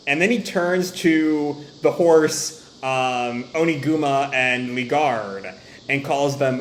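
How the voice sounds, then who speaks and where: A man's voice: mid-range voice, slow pace, roomy sound, a little hiss or hum. A man hosting a manga reaction video, reading the chapter aloud and reacting with laughter and tangents. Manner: animated, laughs often, tangents. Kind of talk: casual reading and commentary.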